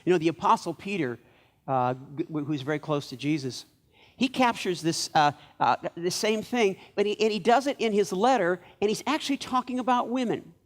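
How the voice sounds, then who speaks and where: A man preaching a sermon as pastor of a church, telling stories in a lively way and acting out the lines of the people in them. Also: high voice, brisk.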